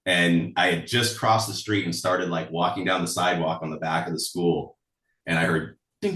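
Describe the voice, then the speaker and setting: A man's voice: sits low, steady tone, moderate pace, sharp tone, echoey room, far from the mic, rough recording. A man telling stories from his life in a casual interview, chatty and full of fillers, laughing often. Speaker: songwriter guest.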